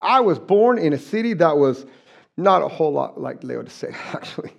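A man's voice: on the high side, very animated, moderate pace, creaky. A middle-aged man from southern New Mexico preaching a conversational sermon, folksy and joking, with frequent restarts. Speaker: pastor.

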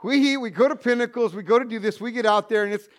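Guy with a high voice telling a goofy hiking story to the room, pokes fun at himself. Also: fast. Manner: self-mocking, animated, joking asides. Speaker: speaker telling a story to an audience. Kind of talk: humorous personal storytelling to a live audience.

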